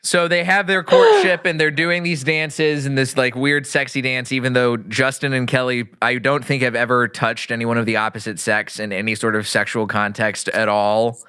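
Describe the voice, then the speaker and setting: A man from Texas hosting a casual comedy podcast, rambling and animated as he riffs on a movie, often laughing mid-sentence. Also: mid-range voice, moderate pace, hardly any pauses, smooth. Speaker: podcast host.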